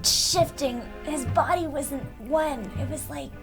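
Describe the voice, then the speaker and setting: Eager high-voiced lady at the game table, kinda halting, music behind. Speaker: player. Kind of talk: casual chat in a tabletop game.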